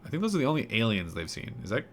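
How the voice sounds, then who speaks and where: A man's voice: medium pitch, huge pitch swings, very fast. A man co-hosting a podcast, casually recapping an episode and acting out characters' lines in mocking voices. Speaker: podcast co-host.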